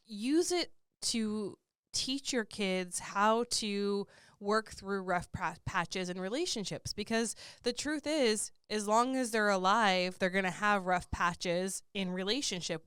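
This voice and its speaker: A woman's voice: mid-range voice, fairly bright tone, clean tone, no echo, clean studio sound. A woman co-hosting a podcast and working as a coach, explaining things in a casual, conversational way with many fillers.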